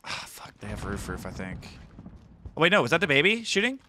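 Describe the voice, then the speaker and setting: A young man streaming a shooter game, commenting in excited bursts, shouting and repeating phrases, then walking through his loadout. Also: a little high, a little fast, background noise. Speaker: gaming streamer. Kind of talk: excited live gameplay commentary.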